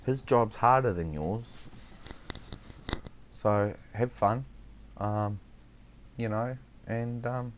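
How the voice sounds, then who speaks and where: A man's voice: medium pitch, extremely slow, long pauses, lo-fi sound, slight background noise. A man with a New Zealand accent chatting casually over game voice chat, handing out easygoing advice and calling people mate. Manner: laid-back, advice-giving, says "mate" a lot. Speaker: gamer chatting with other players.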